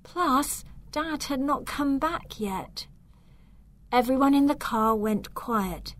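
A woman narrating a children's storybook aloud in a clear, measured way. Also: high-pitched, expressive, a bit bright. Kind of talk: storybook reading.

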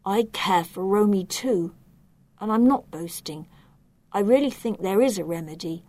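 A sad young merman boy talks quietly and earnestly in a storybook reading, as a woman puts him on. His voice sits at an ordinary middle pitch, dropping into a hush when he speaks of painful things. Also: unhurried, close to an everyday voice.

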